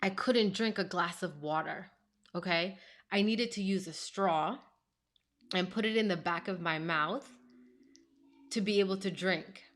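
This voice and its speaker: A woman's voice: fairly low pitch, a little slow, long pauses. A woman in her thirties, a life coach, telling a personal story to camera in a chatty, emphatic way with lots of "like" and "you know". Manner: expressive, emphatic retelling.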